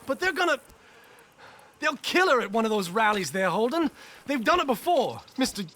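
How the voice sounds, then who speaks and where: A nervous young gentleman speaks with a high, earnest voice that swoops up and down. He sounds anxious and pleading. It is a video game cutscene. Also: big pitch swings, normal speed, heavily acted. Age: young adult. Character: anxious young man from a rich family, lovestruck.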